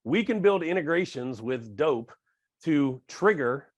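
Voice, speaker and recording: A man giving a casual live software demo on a video call, talking with many fillers and restarts. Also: on the high side, animated, a little slow. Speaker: webinar presenter.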